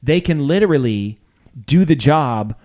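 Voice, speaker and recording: A man co-hosting a podcast in casual comedic chat, rambling with deadpan, self-mocking jokes. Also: a little high, unhurried. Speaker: podcast co-host.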